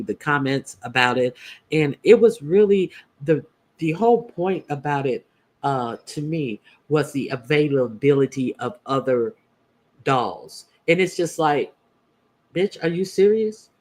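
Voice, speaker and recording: A man hosting casual opinion commentary, blunt and profane, halting often with "uh" fillers as he talks. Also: medium pitch, animated. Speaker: YouTube commentator host.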